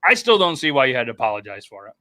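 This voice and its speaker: A man's voice: mid-range voice, very animated, rapid-fire, bright, forceful tone, dry recording. A man hosting a casual chat show, easygoing, moving the talk along with questions. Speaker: host.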